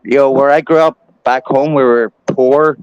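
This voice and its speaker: Speaking unhurriedly with fairly even intonation, a forty-something man from Ireland tells rambling stories as a guest in casual chat, swearing occasionally in his Irish accent. His mid-range voice has a clean tone, and the dry recording has its highs cut off.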